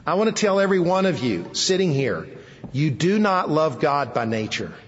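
A man preaching a sermon to a seated audience, speaking emphatically, repeating key phrases and letting his voice sink low at the ends of phrases. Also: sing-song, moderate pace, in a large hall, lo-fi sound. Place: hall with an audience.

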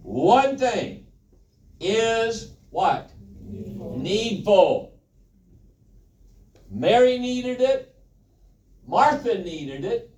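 High-voiced male preacher, folksy and unhurried. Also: very animated, a little mellow. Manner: folksy, joking, asks the congregation questions. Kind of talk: sermon, Bible teaching. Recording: roomy, from a distance.

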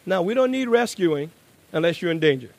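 A man preaching a sermon. He drops to a hushed, low voice, then builds to loud, emphatic bursts and slows down on key words. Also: animated, vocal fry, dry recording.

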